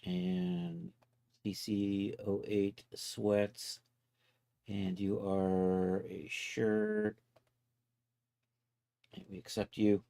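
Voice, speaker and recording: Lowish-voiced man narrating software steps. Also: level tone, extremely slow, gravelly, long pauses. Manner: talks himself through each step, loose and self-mocking. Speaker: livestreaming 3D content creator. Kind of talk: casual live software walkthrough.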